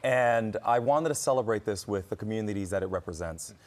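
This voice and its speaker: On a morning TV show, a male actor guest tells stories with lots of animation and expression, laughing frequently. His voice is fairly low and his delivery brisk.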